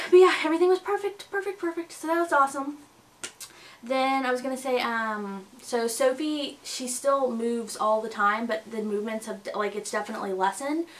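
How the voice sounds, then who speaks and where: A young woman chatting casually to camera in a vlog, full of fillers, with a slightly husky morning voice. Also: medium pitch, a bit bright, poor audio. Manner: chatty, lots of fillers and likes. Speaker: pregnant vlogger.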